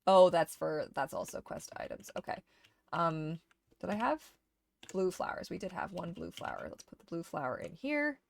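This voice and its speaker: A woman streamer casually chatting to herself while sorting items in a game, getting animated when something excites her. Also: fairly low pitch, normal speed, vocal fry. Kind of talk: casual gameplay chat.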